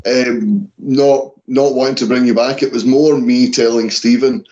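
A man's voice: medium pitch, steady tone, unhurried, mellow, a little hiss or hum. A man hosting a wrestling podcast in casual chat, with a dry, self-deprecating manner. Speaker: podcast host. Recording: dull lo-fi sound.

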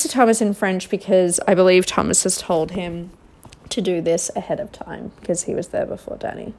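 A woman's voice: fairly low pitch, fairly even intonation, fairly quick, a little mellow. A young woman hosting a podcast, recapping a reality show in casual, gossipy chat with exasperated asides.

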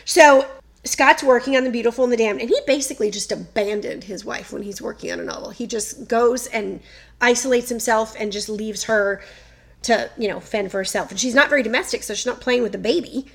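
Animated woman telling a story. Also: a little high, fairly quick, vocal fry. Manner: animated, reads quotes aloud in a playful voice. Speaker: podcast host. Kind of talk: casual storytelling chat.

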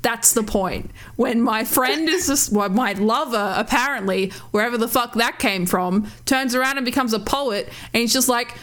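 A woman co-hosting a podcast in casual chat, animated, swearing and laughing as she acts out quotes. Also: a little high, moderate pace, few pauses. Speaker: podcast co-host.

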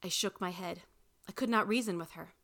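A woman reading a first-person story aloud in an expressive way. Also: on the low side, a little fast. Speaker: reader.

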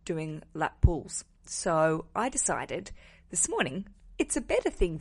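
A woman hosting a wedding podcast alone from a hotel room, talking casually with a slightly rough morning voice and a cheeky, self-mocking, rambling manner. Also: low-pitched, sing-song, slow. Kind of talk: casual solo podcast monologue. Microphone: wearing headphones.

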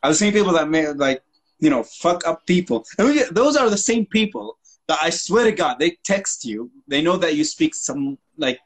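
A man's voice: fairly high pitch, very animated, normal speed, rough recording. Joking, profane male podcast co-host. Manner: profane, joking, mocks accents. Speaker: English teacher. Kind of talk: casual chat.

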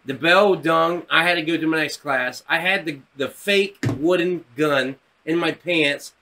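A man's voice: fairly high pitch, measured pace, background noise. A man in his thirties, co-hosting a podcast, telling a rowdy story and acting out the voices in it, swearing freely. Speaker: podcast co-host. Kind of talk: casual storytelling chat.

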